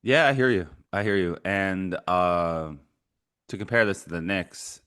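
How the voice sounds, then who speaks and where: A man co-hosting a sports talk podcast, telling animated stories and laughing as he goes. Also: deep voice, measured pace, smooth. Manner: animated storyteller, laughs often. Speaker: podcast co-host.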